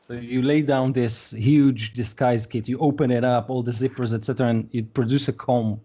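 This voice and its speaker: A man narrating as game master of a tabletop game, halting, with many pauses and "uh"s. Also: medium pitch, fairly even intonation, dull audio, noisy background. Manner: halting, full of "uh" and restarts.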